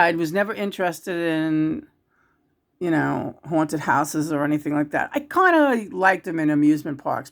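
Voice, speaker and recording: A woman talking casually as a psychic channeler about spirits. She rambles, restarts often and swings between loud and hushed. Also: lowish voice.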